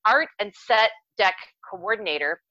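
Bright-voiced excitable woman podcaster. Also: medium pitch, measured pace, dry recording. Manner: excitable and animated, swearing casually. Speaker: podcast co-host. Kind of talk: casual storytelling chat. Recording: dry, dull lo-fi recording.

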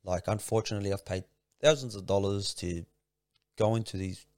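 A man's voice: fairly low pitch, a little fast, a little mellow, no echo, studio quality. A man talking as a podcast guest in a casual, heartfelt way. He repeats words and restarts his sentences often, and calls the host "man" and "bro".

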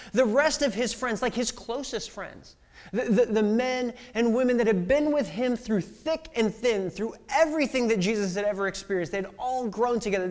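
A man's voice: very high-pitched, big-room sound. A young man preaching a sermon in a casual storytelling way, full of fillers and restarts. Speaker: pastor.

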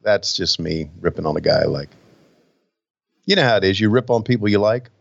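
A man's voice: fairly low pitch, lively intonation, normal speed, vocal fry, dry recording. Wry, profane male co-host, lo-fi. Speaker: podcast co-host. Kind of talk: casual chat watching wrestling.

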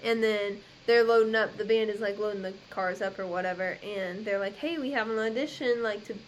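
A woman's voice: medium pitch, brisk, slight background noise, low-quality recording. A woman co-hosting a podcast, retelling a movie plot step by step in casual chat, with lots of "so then" and "like". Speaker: podcast co-host.

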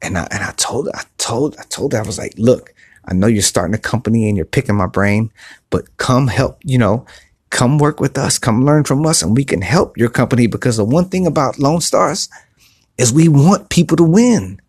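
A man hosting a podcast, giving earnest, repetitive motivational talk in a soft voice, recorded on his phone outside on a patio. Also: medium pitch, animated, moderate pace, husky, dry recording, studio quality. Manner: earnest, repetitive, restarts often; speaking softly. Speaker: podcast host. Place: outdoor patio by a pool at night.

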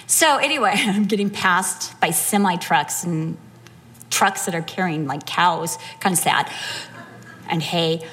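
A middle-aged woman preaching a sermon, telling a personal story with animated, acted-out quotes. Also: lowish voice, unhurried.

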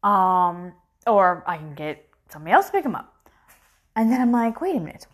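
A middle-aged woman telling a story in a casual vlog, animated and acting out her own shocked reactions, recorded on a phone. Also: fairly low pitch, normal speed.

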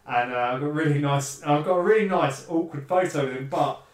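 Halting man, echoey room. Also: fairly high pitch, distant mic. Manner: hesitant, many fillers and restarts. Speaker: podcast co-host. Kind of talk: casual chat, storytelling. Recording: echoey room, voice a bit off-mic.

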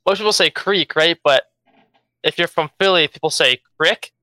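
A man's voice: fairly high pitch, fairly quick, pushed and bright, smooth, no echo. A young man with a strong Philadelphia accent, jet lagged, chatting casually as a guest and repeating words while he thinks. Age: young adult. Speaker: esports player guest. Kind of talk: casual interview.

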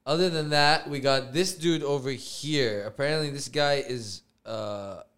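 A man's voice: medium pitch, unhurried, fairly bright tone. A man hosting a casual podcast chat, laid-back and slangy, reacting to clips with his friends. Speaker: podcast host.

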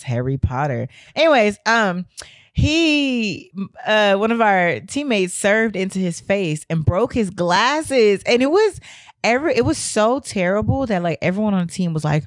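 A young woman telling a story in a casual, animated way, her voice hoarse from losing it, laughing and swearing often. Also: mid-range voice, unhurried, dry recording, clean studio sound. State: hoarse from a lost voice.

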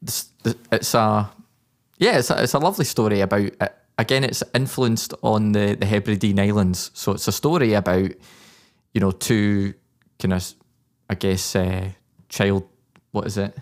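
A man's voice: lowish voice, fairly even intonation, moderate pace. A man in casual chat about his song, laughing, loose and sweary. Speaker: music producer and songwriter.

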